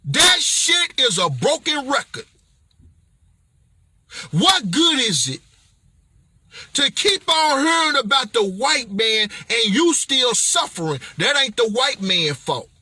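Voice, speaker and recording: High, sharp-voiced preaching man. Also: big pitch swings, takes it slowly, pauses often, slightly rough, no room sound. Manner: blunt, confrontational, preacher-like; often raises voice to a shout. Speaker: motivational speaker. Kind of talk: impassioned motivational message.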